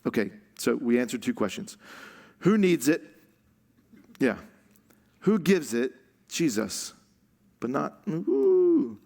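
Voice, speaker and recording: Lively, slow-paced man preaching a sermon. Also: medium pitch, gravelly. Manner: conversational, laughs often, stretches words for emphasis. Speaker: pastor. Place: church stage.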